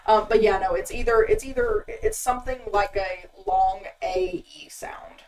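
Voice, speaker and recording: A woman player at a tabletop game, chatting quickly as she explains something. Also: mid-range voice, darkish tone, distant mic, poor audio. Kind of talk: casual chat at a tabletop game. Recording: voice set back from the mic.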